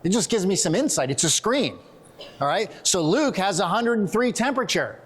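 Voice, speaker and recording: A middle-aged man giving a conference talk, animated and joking, telling quick stories to make his points. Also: high-pitched, slight background noise. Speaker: conference presenter. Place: conference hall.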